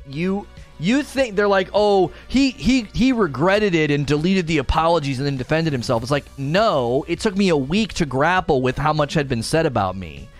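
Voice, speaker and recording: A man streamer in a heated, defensive monologue, repeating himself as he vents. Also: fairly high pitch. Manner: indignant, defensive, repetitive. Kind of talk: ranting monologue.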